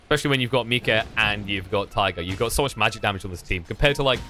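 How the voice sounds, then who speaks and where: A man casting a live video game match with rapid, excitable play-by-play. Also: lowish voice, soft background music. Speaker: esports caster.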